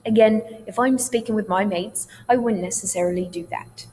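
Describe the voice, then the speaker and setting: A woman's voice: medium pitch, normal speed, dark tone. A woman theatre teacher giving a recorded dialect lesson, explaining sounds in a patient, reassuring way. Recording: long hall reverb, faint hum.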